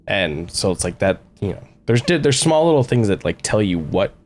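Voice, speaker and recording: A man's voice: on the low side, sing-song, normal speed, darkish tone, faint music behind. A man co-hosting a video game let's play, talking casually and hesitantly, searching for words with lots of fillers. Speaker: co-host of a gaming let's play. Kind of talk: casual chat while playing.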